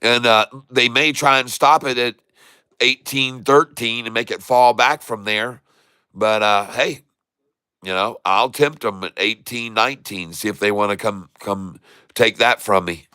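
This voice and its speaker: A man hosting a casual stock trading livestream, folksy and excitable, chatting to viewers while he trades. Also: medium pitch, unhurried, clean tone, no echo, clean studio sound. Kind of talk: casual live market commentary.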